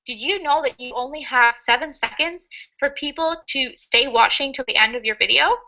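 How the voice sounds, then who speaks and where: A woman's voice: sits high, bright, forceful tone, lo-fi sound. A woman teaching a webinar lesson in an upbeat, chatty way, laughing often. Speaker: online marketing coach.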